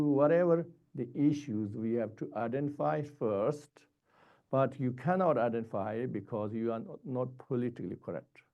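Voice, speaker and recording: A man giving a Buddhist dharma teaching in short, halting, repetitive phrases. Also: medium pitch, narrow, tinny audio.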